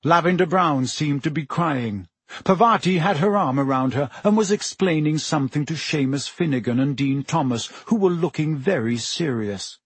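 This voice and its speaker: A man's voice: a little high, lively intonation, moderate pace, slightly rough, no echo. A man narrating a storybook aloud, telling the scene expressively. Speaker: audiobook narrator. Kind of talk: scripted narration.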